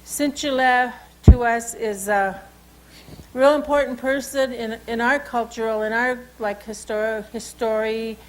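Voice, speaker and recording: Woman cultural educator, high-ish voice, relaxed conversational storyteller. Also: low-quality recording. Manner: unhurried, conversational, with frequent asides. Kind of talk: oral storytelling and language lesson.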